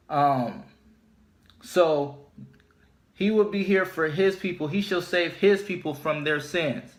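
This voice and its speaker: A man teaching scripture informally, speaking deliberately and repeating his key points for emphasis. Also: on the high side. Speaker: religious teacher.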